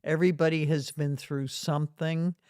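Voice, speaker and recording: A woman's voice: low-pitched, fairly even intonation, moderate pace, dark tone, smooth, no echo. Woman, retired reverend, storytelling guest, earnest, chuckling, dry close sound. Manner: earnest, chuckles through anecdotes. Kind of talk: storytelling in conversation.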